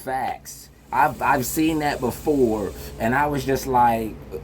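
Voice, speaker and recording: Man, reaction video host, slow relaxed talk, noise behind. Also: medium pitch. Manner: slow, laid-back, chatty. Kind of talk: casual reaction commentary.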